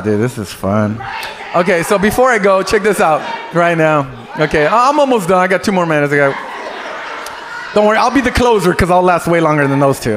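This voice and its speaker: A male stand-up comedian doing crude crowd work in a club, loud and teasing and often breaking into laughter. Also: high voice. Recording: noisy live club.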